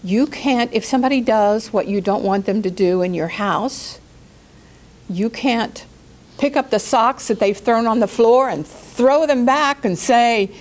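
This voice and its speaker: A woman life coach giving a calm spoken lesson, slowing down to stress key words and acting out quoted outbursts in a raised voice. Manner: calm, gentle delivery with slow deliberate emphasis; acts out quoted outbursts in a higher, louder voice. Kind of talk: spoken teaching talk.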